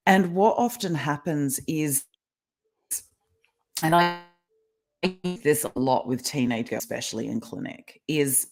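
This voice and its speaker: A woman's voice: a bass voice, a little mellow. A middle-aged woman guest explaining ideas in a casual interview over a video call, talkative and laughing often. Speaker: guest, kinesiologist and life coach.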